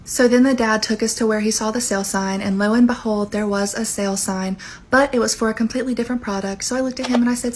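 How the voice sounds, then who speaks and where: A woman cashier telling a funny work story with sassy deadpan jokes. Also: a little high, fast, slight background noise. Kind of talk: comedic storytime.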